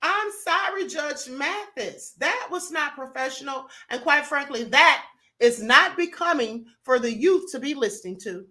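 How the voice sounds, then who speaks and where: A woman's voice: sits high, bright, forceful tone. A woman from Kentucky, hosting a livestream and reading viewer comments in sassy, emphatic casual commentary, often saying honey and beloved. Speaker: livestream host.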